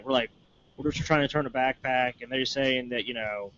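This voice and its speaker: A man co-hosting a call-in podcast, telling stories fast and animatedly. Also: mid-range voice, a bit bright, lo-fi sound. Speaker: podcast co-host. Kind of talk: casual storytelling chat.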